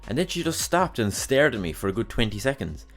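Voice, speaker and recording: A man's voice: mid-range voice, very animated, brisk, fairly bright tone, soft background music. A young man hosting a podcast, telling rambling, sweary stories about his past jobs with exasperated humor. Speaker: podcast host. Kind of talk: casual solo monologue.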